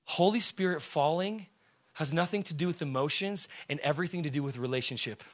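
A man preaching a sermon to a congregation in slangy, conversational talk, swinging from shouts down to hushed words and often asking the crowd questions. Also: a little high, brisk. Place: church before a congregation.

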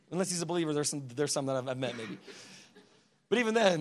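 A man preaching a fervent sermon, swinging from low, quiet lines to shouted peaks and calling out to the congregation. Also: lively intonation, quick pace, pauses often. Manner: calls out "come on now" to the congregation.

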